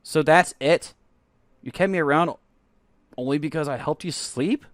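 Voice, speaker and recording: A man's voice: fairly high pitch, very animated, brisk, no echo, voice pushed up. Young man fresh out of college, shaky yet determined, close dry sound , as a man plays him. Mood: hurt. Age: young adult. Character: young male graduate, emotional and hurt.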